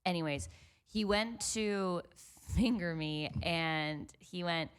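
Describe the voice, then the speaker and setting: A woman's voice: on the low side, slow, smooth. A woman comedian guest on a podcast, telling an embarrassing story candidly and laughing through it.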